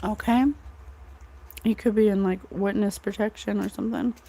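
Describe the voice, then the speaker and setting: A woman's voice: mid-range voice, steady tone, moderate pace, creaky, mellow, slight background noise. A woman giving a casual, rambling psychic tarot reading, full of fillers and asides. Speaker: psychic reader.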